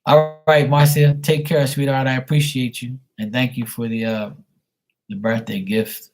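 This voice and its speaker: A man's voice: mid-range voice, level tone, normal speed, darkish tone, faint music behind. A man chatting casually to his viewers by name on a late-night livestream, rambling and teasing. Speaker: livestream host reading paid questions.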